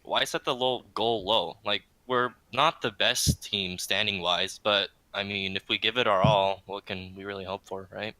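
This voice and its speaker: A man's voice: fairly low pitch, steady tone, normal speed, few pauses, pushed and bright, no room sound. A man playing in an esports team, bantering casually and joking with his teammates. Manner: joking, laid-back, cocky. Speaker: esports player being interviewed.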